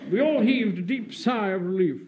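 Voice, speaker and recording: An actor playing a pompous, self-important middle-aged Home Guard captain who narrates a radio script. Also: male voice, high-pitched, moderate pace, highs cut off, natural voice. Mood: indignant. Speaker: officer reading a radio script. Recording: hissy old radio recording.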